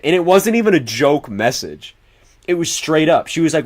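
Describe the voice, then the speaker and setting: A man's voice: on the high side, moderate pace. Young man ranting on a livestream. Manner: animated, swears a lot, rambling. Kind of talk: casual livestream chat.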